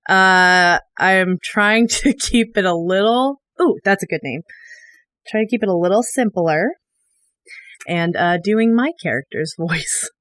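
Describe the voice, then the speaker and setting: Woman, tabletop player, slow speech, dry close sound, chatty, laughs easily. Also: medium pitch, fairly bright tone, no echo. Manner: laughing, chatty, thinking aloud. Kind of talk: casual chat at the game table.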